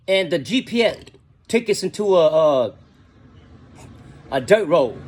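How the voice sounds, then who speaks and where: A man's voice: fairly high pitch, slightly rough. A middle-aged man telling a casual story in slangy talk, often adding "you know what I'm saying".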